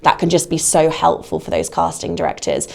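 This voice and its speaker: A woman's voice: low-pitched, little pitch movement, brisk, vocal fry, darkish tone. A woman giving career advice in a podcast interview, talking conversationally with lots of "you know". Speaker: guest, casting platform adviser.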